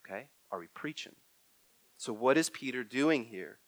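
A man preaching a sermon, swinging from loud emphatic bursts to hushed, near-whispered lines. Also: mid-range voice, animated, moderate pace, dry recording. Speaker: pastor. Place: church hall.

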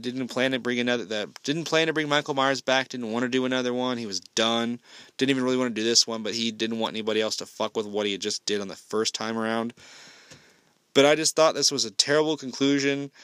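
A man's voice: lowish voice, bright, forceful tone, smooth, no echo. A man giving a casual spoken film review, ranting bluntly and swearing heavily.

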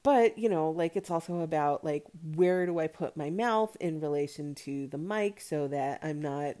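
A woman's voice: deep voice, moderate pace, mellow. An American woman hosting a solo podcast, chatting casually and rambling with plenty of fillers. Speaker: podcast host.

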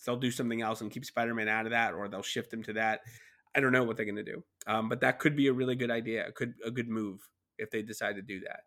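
A man's voice: mid-range voice, fairly even intonation, quick pace, fairly bright tone. A man co-hosting a podcast, chatting casually about movies with many restarts. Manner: rambling, many fillers and restarts. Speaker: podcast co-host.

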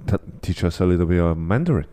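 A man's voice: sits low, lively intonation, fast, mellow. A man hosting a casual chat, teasing the others bluntly and swearing freely. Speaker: podcast host.

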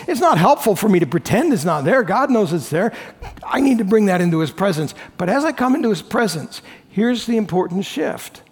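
A man preaching a sermon as lead pastor, earnest, moving between bold emphasis and quiet reflection. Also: high-pitched, breathy edge, in a large hall.

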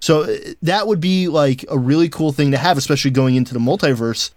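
A man co-hosting a podcast, explaining his opinions in casual chat with halting restarts. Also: on the high side, a little mellow, dry recording, studio quality. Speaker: podcast co-host.

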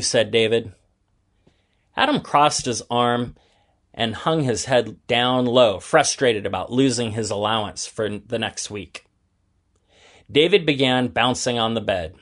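A man narrating a children's story aloud in a gentle, even storytelling manner. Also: mid-range voice, measured pace.

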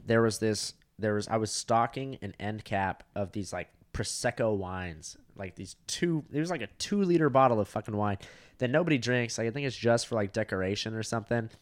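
A man's voice: on the low side, fairly quick. A young man on a podcast telling rambling, profane stories in casual chat, full of fillers. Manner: profane, rambling, lots of 'like'. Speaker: podcast co-host, comedian.

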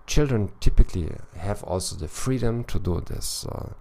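A man's voice: fairly low pitch, lively intonation, moderate pace, mellow. A man coaching language learners in a podcast monologue, thinking aloud and tacking on little tag questions. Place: lives in Eastern Europe.

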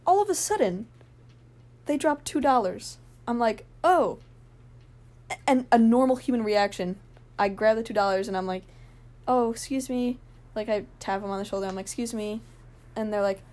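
A young woman telling a rambling, excited story in a casual vlog, full of fillers and laughs. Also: mid-range voice.

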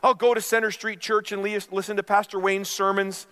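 A pastor voicing a frantic man who is dangling from a cliff edge, yelling and stammering his pleas for help. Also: fairly high pitch, lively intonation, moderate pace, in a large hall. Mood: desperate pleading.

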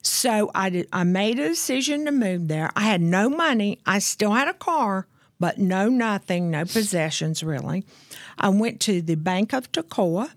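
A woman guest telling her own story of addiction and recovery in an earnest, candid way, slowing down to stress key points. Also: mid-range voice, lively intonation, dry recording, studio quality. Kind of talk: personal testimony in conversation.

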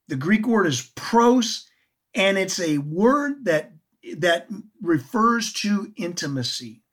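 A woman giving a Bible teaching in an earnest, expressive way, often asking her listeners questions. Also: mid-range voice. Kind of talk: sermon teaching.

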